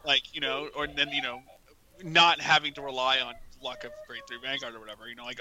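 A man's voice: medium pitch, level tone, a little fast, sharp tone, rough recording. A man co-hosting a casual podcast, talking in a rambling way full of filler words. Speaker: podcast co-host.

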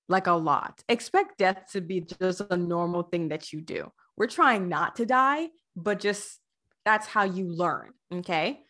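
A woman with a medium-pitched voice, appearing as a guest on a podcast, talks casually about a video game. She gushes in an animated way, using many fillers.

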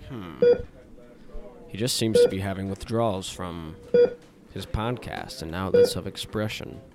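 A man putting on a deep, measured doctor. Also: heavy background noise. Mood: clinical. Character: calm low-voiced male doctor giving a diagnosis.

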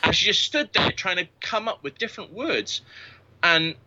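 A man's voice: sits high, very animated, normal speed, highs cut off, background noise. Sweary man in his thirties telling stories. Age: 30s. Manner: crude, sweary, boastful anecdotes. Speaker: podcast guest. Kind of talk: casual storytelling.

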